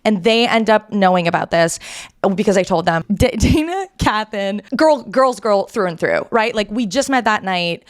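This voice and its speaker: A woman podcast host in casual chat, telling a story in an animated, self-deprecating way with quick asides. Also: medium pitch.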